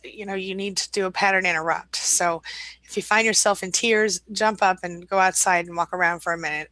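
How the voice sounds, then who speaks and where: A woman hosting a live support stream, reading viewer comments aloud and answering them in a warm, chatty way with fillers and light laughs. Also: lowish voice, no echo, low-quality recording. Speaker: live-stream host and coach.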